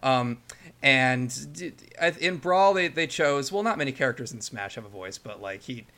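A man's voice: mid-range voice, lively intonation, moderate pace, sharp tone. A young man co-hosting a casual podcast chat, laughing often and restarting his sentences. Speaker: podcast co-host.

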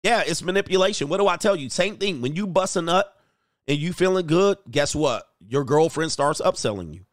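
A man's voice: fairly high pitch, animated, a little fast, no echo, clean studio sound. A middle-aged man hosting a relationship coaching show, giving blunt, profane commentary on a news story and lecturing his listeners.

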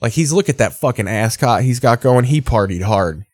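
A man's voice: mid-range voice, animated, moderate pace, husky, no room sound. A man hosting a casual show, reacting to football broadcast clips with sarcastic, rambling, profane commentary. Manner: sarcastic, rambling, swears freely.

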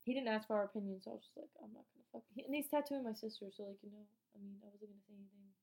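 A woman's voice: medium pitch, fairly even intonation, rapid-fire, warm tone. A young woman from North Carolina, telling a rambling, swear-filled storytime vlog. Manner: chatty and rambling, swears freely, acts out quotes. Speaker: vlogger.

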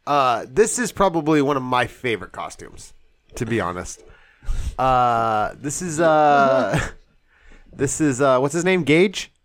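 Casting note: male co-host, lively swooping pitch, crude casual banter. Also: takes it slowly. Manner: swears a lot, laughs often, jokey. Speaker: podcast co-host.

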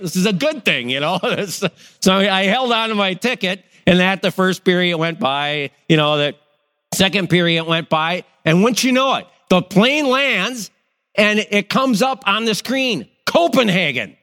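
Animated high-voiced pastor in a reverberant hall. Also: male voice, moderate pace. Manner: animated storyteller, acts out quoted voices. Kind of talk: sermon with personal storytelling.

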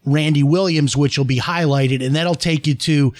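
Host: male, slightly high voice, friendly plugging tone, close dry mic. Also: fairly even intonation, moderate pace, darkish tone, no echo. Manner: friendly, promotes guest's work. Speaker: talk show host. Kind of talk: radio interview hosting.

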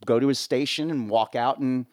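A middle-aged man from the States chats as an interview guest, telling long stories about backstage work. He rambles and leans on fillers, and his voice sits in a plain middle pitch. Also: normal speed. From United States. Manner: rambling, lots of fillers, animated voices when quoting. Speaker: guest, live sound rigger. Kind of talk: casual storytelling interview.

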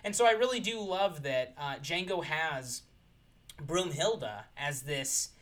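A man's voice: fairly high pitch, expressive, measured pace, fairly bright tone. A man guesting on a podcast, talking enthusiastically about films in a casual, articulate way. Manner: enthusiastic, articulate, frequent ums. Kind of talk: casual film discussion.

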